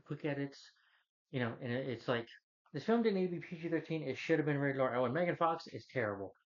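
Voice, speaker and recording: A man's voice: medium pitch, lo-fi sound. A man giving an unscripted rant of a movie review, blunt and rambling, who keeps repeating himself and dropping filler yeahs.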